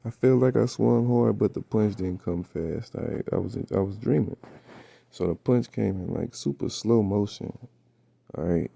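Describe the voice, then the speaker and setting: A man with a raspy voice, just woken up, casually retelling a dream in slangy, profane storytelling full of fillers. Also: fairly low pitch, normal speed, warm tone, dry recording. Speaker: vlogger recounting a dream.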